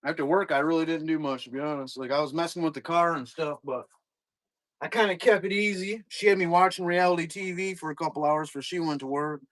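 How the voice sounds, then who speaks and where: This middle-aged man has a fairly high, slightly bright voice and a quick pace, heard in a dry, studio-quality recording. He opens card boxes live, rambling in a laid-back way as he talks to the chat.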